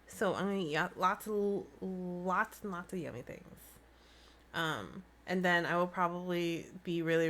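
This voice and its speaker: A woman hosting a live stream, chatting in a bubbly, excitable way into a desk mic. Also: on the low side. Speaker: livestream host. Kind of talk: casual live-stream chat.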